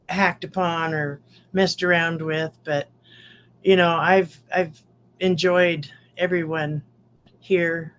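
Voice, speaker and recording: A woman's voice: fairly low pitch, slight background noise. An older woman with grandchildren giving a rambling, heartfelt testimonial to her online community. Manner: heartfelt, rambling, trailing restarts.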